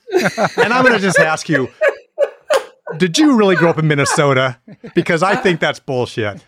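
A man's voice: on the high side, animated, normal speed, long pauses, fairly bright tone, dry recording, clean studio sound. A man hosting a podcast and interviewing a guest in a playful, teasing way. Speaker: podcast host, musician. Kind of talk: casual interview chat.

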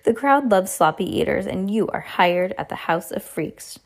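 A woman's voice: medium pitch, lively intonation, moderate pace, natural voice. A woman voicing a bossy foreign fortune-teller who speaks broken English and tacks "please" onto her orders. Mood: commanding.

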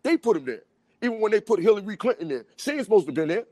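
A man in casual chat, talking in an animated, street-style way and often asking "you know what I'm saying". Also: high-pitched, racing, no echo.

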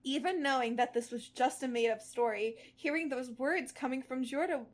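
A woman co-hosting a podcast, reading fan fiction aloud and chatting, animated and blunt with casual swearing. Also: high voice, normal speed. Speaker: podcast co-host.

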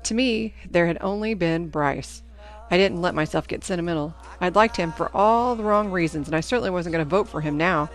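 A woman reading a novel aloud in first-person narration, with an even storytelling delivery. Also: lowish voice, fairly quick. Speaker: audiobook narrator.

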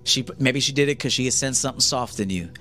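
A man's voice: mid-range voice, fast talker, pushed and bright, faint music behind. A man giving a blunt, profane lecture to men as a dating coach on a livestream.

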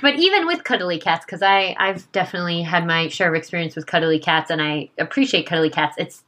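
A woman's voice: lowish voice, a little fast, a bit bright. A young woman co-hosting a chatty podcast, laughing often, swearing casually and a bit tipsy. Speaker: podcast co-host. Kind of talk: casual chat.

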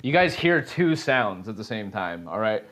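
A man's voice: fairly low pitch, very animated, moderate pace, fairly bright tone. Laid-back man running a tabletop game. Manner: loose, laughing narration with many fillers. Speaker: game master. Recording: casual podcast recording.

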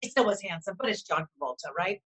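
A woman co-hosting a talk show, telling fan stories in a gushing, animated way. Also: mid-range voice, quick pace, rough recording. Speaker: co-host. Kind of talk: casual chat.

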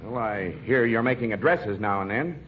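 An actor playing a firm, lecturing police chief in 1940s radio comedy. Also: male voice, fairly low pitch, moderate pace, lightly acted. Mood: stern. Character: stern middle-aged male police chief. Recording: muffled old radio broadcast.

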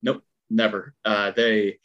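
A man working as a stunt performer tells a long story in casual chat, animated and rambling, with a twang in his speech. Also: lowish voice, slow pace, muffled recording. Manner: animated, rambling, heavy filler words.

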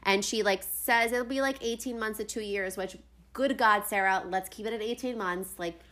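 Bright, chatty young woman podcaster. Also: medium pitch, moderate pace. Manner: chatty, full of "like" fillers. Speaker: podcast co-host. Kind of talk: casual book chat.

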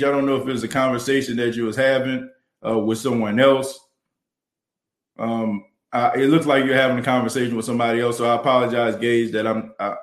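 Fired-up New Orleans podcast host. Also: male voice, medium pitch, echoey room. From New Orleans, US South. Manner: fervent, motivational, many "you know" fillers. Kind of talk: livestream podcast talk, reading chat. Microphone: studio mic and camera.

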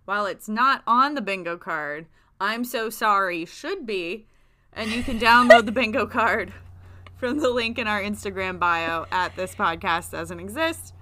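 A woman's voice: mid-range voice, a little slow, sharp tone. A young woman co-hosting a casual podcast from her desk at home, teasing with dry, grumpy humor. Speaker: podcast co-host. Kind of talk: casual chat. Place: home desk chair, video call. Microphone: close podcast mic.

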